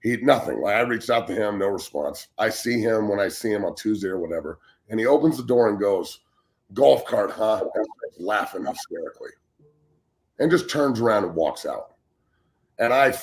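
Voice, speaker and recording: A former pro football player of about forty, co-hosting a talk show, telling a story in a blunt, profane, emphatic way. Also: male voice, lowish voice. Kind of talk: heated casual talk show rant.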